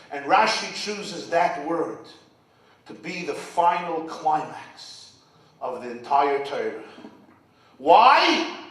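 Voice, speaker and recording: A rabbi giving an impassioned sermon at an event, swinging from shouts to near-whispers and using Hebrew and Yiddish terms. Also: male voice, fairly high pitch. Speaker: rabbi and speaker. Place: event hall. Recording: echoey hall from far off.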